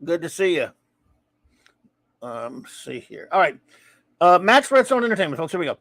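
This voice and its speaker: A man hosts a casual live-stream, rambling through listener reviews and shout-outs and tripping over his words before correcting himself. His voice sits a touch higher than most men's. The sound is close and dry, with no room around it. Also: big pitch swings, creaky, no room sound. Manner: rambling, stumbling, self-correcting with quick laughs. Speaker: podcast host reading listener reviews.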